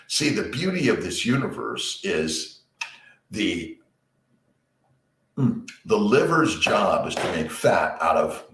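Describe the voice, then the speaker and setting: A man hosting a casual morning livestream from his home basement office, rambling and greeting viewers by name while keeping his voice low on a headset. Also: roomy sound, distant mic. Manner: works to keep his voice low and quiet.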